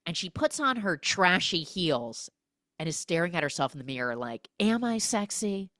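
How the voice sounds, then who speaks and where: A woman hosting a podcast, recapping a movie in an animated, gossipy way full of 'like'. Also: sits low, normal speed, no room sound, clean studio sound. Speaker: podcast host.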